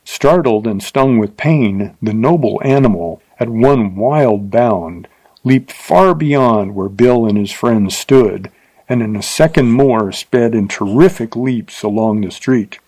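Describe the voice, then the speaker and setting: A man reading a Western adventure story aloud in a steady, dramatic narration. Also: mid-range voice, slow, no room sound, low-quality recording. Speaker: audiobook narrator.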